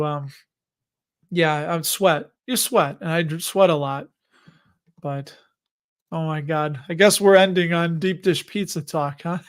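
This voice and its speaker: A man's voice: on the high side, clean tone. A man in his late thirties or forties with a Chicago accent, hosting a livestream and chatting casually in a rambling, joking way. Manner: rambling, jokey, chuckles between remarks. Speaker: host of an investing livestream.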